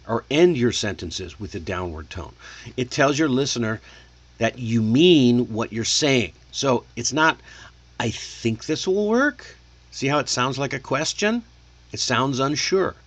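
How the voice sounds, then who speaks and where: Slow, deliberate man coaching English. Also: medium pitch, fairly bright tone. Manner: coaching, deliberate, checks in with "okay?"; demonstrates rising and falling intonation. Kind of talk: online English lesson.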